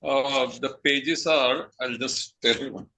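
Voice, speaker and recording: A man in a study group speaking very slowly about a book. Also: medium pitch, steady tone, bright, forceful tone, a little hiss or hum.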